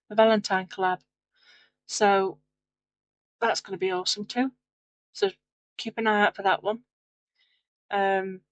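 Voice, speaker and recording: This fairly low-pitched woman, a craft video host, gives a casual narration of her clay crafting while tired late at night. She rambles, chats, and runs herself down a bit; the audio is rough and has no room sound.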